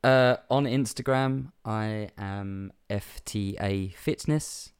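A man's voice: fairly low pitch, takes it slowly, clear, resonant tone. A young man co-hosting a casual podcast, joking and laughing often as he signs off. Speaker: podcast co-host.

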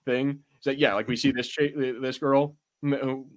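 A young man in casual podcast chat, his voice sitting at an everyday middle pitch. He talks in an animated way, swears freely and jumps up in pitch when something excites him. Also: moderate pace. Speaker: podcast host.

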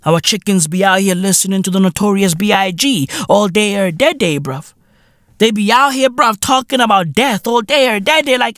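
A man's voice: high voice, brisk, fairly bright tone, no room sound. A South African man rants comedically on his podcast. His talk is profane and slangy, and he hammers the same lines over and over. The sound is dry and close to the mic. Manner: profane, repetitive, slangy ranting. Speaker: podcast host. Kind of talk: comedic rant.

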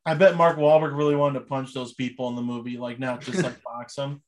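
A man's voice: medium pitch, flat delivery, fairly quick. A young man chatting casually as a podcast host, rambling and enthusiastic with many fillers. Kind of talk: casual chat.

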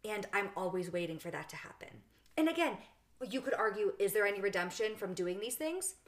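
Candid, animated woman podcast co-host. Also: medium pitch. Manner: candid and animated, quick to laugh at herself. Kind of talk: casual book discussion chat.

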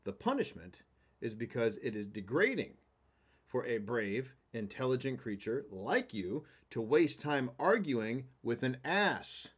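A man voicing a wise, calm male lion king who delivers a stern, measured judgment in a parable. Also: medium pitch, husky. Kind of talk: storytelling a parable.

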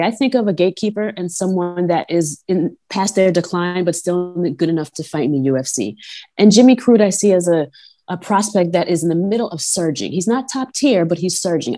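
Brief: low-pitched New York woman, brash and profane, fight-show co-host on a call. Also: a little mellow. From Long Island, New York. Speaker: podcast co-host. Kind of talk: casual fight-talk chat. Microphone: phone or remote call.

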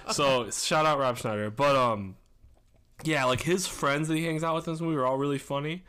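A man's voice: fairly high pitch, fairly quick, fairly bright tone, smooth. A young man, a podcast co-host chatting casually and swearing a lot as he rambles. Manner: rambling, swears a lot, acts out movie quotes. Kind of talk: casual chat.

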